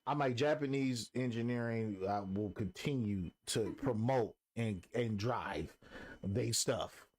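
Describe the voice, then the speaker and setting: A man co-hosting a casual podcast chat, an animated storyteller who acts out quotes. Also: medium pitch, slow. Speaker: podcast co-host.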